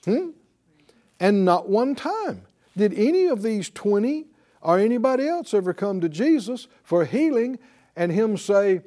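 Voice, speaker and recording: A man's voice: sits high, big pitch swings, takes it slowly, mellow. A man preaching a sermon, reading scripture aloud and pressing his point with emphatic rhetorical questions. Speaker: pastor.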